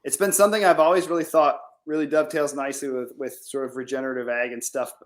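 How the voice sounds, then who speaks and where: A man's voice: mid-range voice, fairly even intonation, fast. A man farmer being interviewed over a remote call, talking casually and rambling, with lots of "like" fillers. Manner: rambling, heavy use of "like". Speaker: farmer guest.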